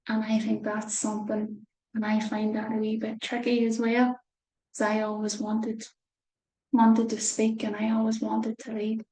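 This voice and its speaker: A woman reading a picture book aloud to children, gentle, with soft whispered asides. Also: medium pitch, roomy sound, poor audio. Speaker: children's storyteller.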